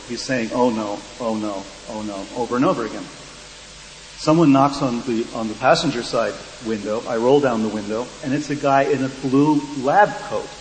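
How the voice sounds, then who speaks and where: A man on a discussion panel, telling a dry, wry story with quoted dialogue to an audience. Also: mid-range voice. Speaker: panel speaker. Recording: echoey hall, faint hum.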